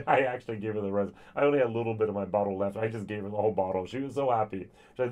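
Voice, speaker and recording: A man's voice: lowish voice, fast, hardly any pauses, a little mellow. A man giving a casual spoken whisky tasting review, chatty and thinking aloud with frequent ums and restarts. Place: lives in Germany.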